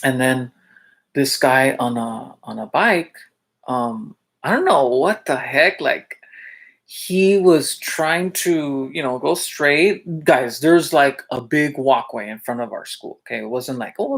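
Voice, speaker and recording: A man with a gravelly, fry-edged voice who chats to the camera about his days as a teacher. He keeps asking his audience questions, fills gaps with little asides, and keeps breaking into laughter while he tells his stories. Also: mid-range voice, a little slow, fairly bright tone. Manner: chatty, with many fillers and check-ins to viewers. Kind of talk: casual storytelling vlog.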